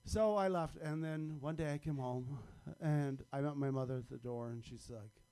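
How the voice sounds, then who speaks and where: A man's voice: mid-range voice, normal speed, dark tone, clean tone. A man telling a darkly comic personal story on stage at a live storytelling event, wry and chuckling at his own punchlines.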